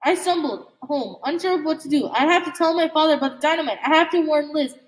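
High-voiced woman reading a novel aloud. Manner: halting, with slips and restarts. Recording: echoey room.

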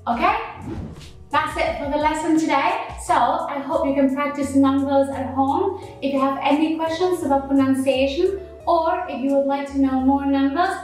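A woman teaching a language lesson to camera, speaking slowly and carefully as she models each pronunciation. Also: sits high, steady tone, a little mellow. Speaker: Vietnamese teacher. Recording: very echoey room with faint music.

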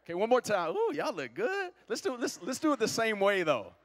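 A man's voice: high voice, huge pitch swings, brisk, fairly bright tone, big-room sound. A young man preaching a sermon in a church, joking with the congregation and leading call-and-response. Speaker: guest preacher. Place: church sanctuary.

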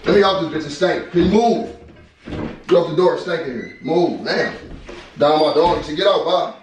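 Vlog husband, loud and cursing, recorded far off in a roomy space. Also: male voice, a little high, lively intonation, moderate pace, background noise. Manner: loud, profane, disbelieving outbursts. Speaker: husband vlogger. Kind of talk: casual prank reaction. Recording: echoey room from a distance, music.

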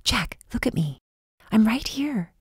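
A woman voicing a protective young woman in an audiobook, soft and tender at times, defiant and tearful at others. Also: on the high side, very animated, brisk, breathy edge, no room sound, clean studio sound, voice pushed up. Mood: tender, worried. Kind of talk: audiobook character voice.

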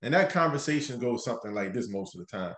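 A man, a mortgage lender hosting a radio show, explaining loans step by step in an energetic, conversational way, often checking in with "right?". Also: medium pitch, fast, reverberant. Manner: energetic, explains things step by step, keeps tagging lines with "right?".

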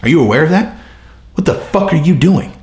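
A man's voice: lively intonation, fairly quick, a little mellow, roomy sound, natural voice. A man doing a menacing, profane tough uncle. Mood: threatening. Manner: profane threats, growled low. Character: menacing tough middle-aged uncle, hot-tempered bully.

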